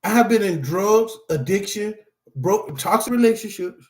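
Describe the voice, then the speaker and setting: A man's voice: sits high, lively intonation, moderate pace, a little mellow, reverberant. A man hosting a support-group talk to camera, part preaching, part casual chat, who laughs often and calls his viewers y'all.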